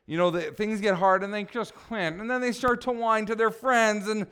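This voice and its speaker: A middle-aged man preaching a blunt, exhorting sermon, swinging between loud pushes and quiet asides. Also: high-pitched, moderate pace, hardly any pauses, clean tone.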